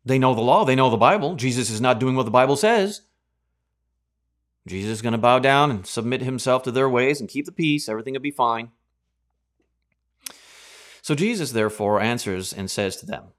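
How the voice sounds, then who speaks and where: A man preaching a Bible teaching sermon in a sarcastic, animated way, acting out reactions. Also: medium pitch, normal speed, long pauses.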